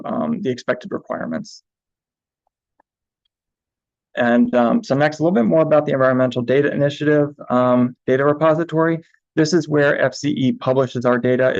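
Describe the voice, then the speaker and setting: Man, gravelly voice, flat delivery, hesitant with fillers, presentation, dull lo-fi sound. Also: mid-range voice, no echo. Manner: hesitant, many ums and uhs. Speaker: information manager. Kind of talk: recorded presentation.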